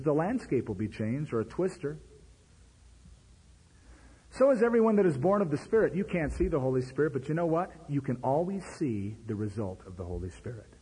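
A man preaching a sermon in a conversational, animated way. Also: brisk, slightly rough. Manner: animated, conversational preaching with sudden pitch jumps. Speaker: pastor. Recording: long hall reverb.

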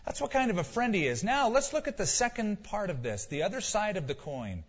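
A man's voice: sits high, big pitch swings, fairly quick, breathy edge. A male pastor preaching a sermon with emphasis, asking rhetorical questions and repeating key lines for weight. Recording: dull lo-fi sound with long hall reverb.

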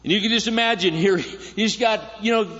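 A man's voice: high voice, normal speed, fairly bright tone. A man preaching a sermon as a guest speaker, conversational and joking, often asking the congregation questions. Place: church sanctuary. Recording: echoey church hall, slightly dull sound.

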